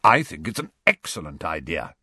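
A man voicing a brisk, frank adult wizard with a wry, impatient edge in an audiobook. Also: rumbling low, very animated, bright, forceful tone, breathy edge, no echo, studio quality, exaggerated voice. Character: adult male wizard, wry, bold, fond godfather. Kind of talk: audiobook character voice.

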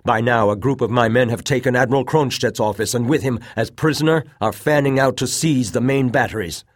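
A man's voice: medium pitch, fairly quick, voice pushed up, lightly acted. A man voicing a resolute male rebel colonel who gives terse, urgent orders in a raised voice.

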